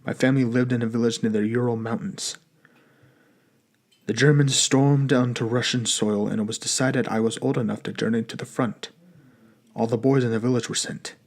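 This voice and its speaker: A man voicing a stern but gentle old Russian grandfather in an audiobook, speaking slowly and weightily in a gravelly voice. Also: mid-range voice, steady tone, natural voice. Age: older.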